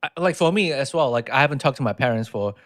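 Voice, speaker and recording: A man co-hosting a podcast, talking quickly and nervously with stumbles and restarts. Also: mid-range voice, animated. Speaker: podcast co-host. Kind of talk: casual podcast chat.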